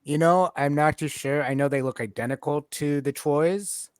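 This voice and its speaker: A man's voice: on the high side, normal speed, no room sound, studio quality. A man hosting a casual interview, asking easygoing questions in the tone of a fan. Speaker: podcast host.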